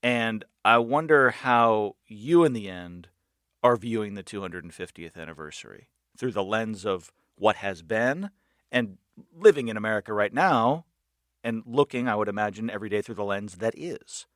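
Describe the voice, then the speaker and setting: Casting: male radio host, low and dry, measured questioner. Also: lively intonation, a bit bright, no echo. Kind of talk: radio talk show hosting.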